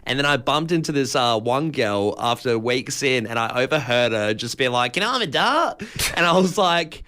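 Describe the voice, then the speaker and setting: A young Australian man co-hosting breakfast radio, jokey and lively when telling stories. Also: medium pitch, moderate pace, clear, resonant tone. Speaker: radio co-host.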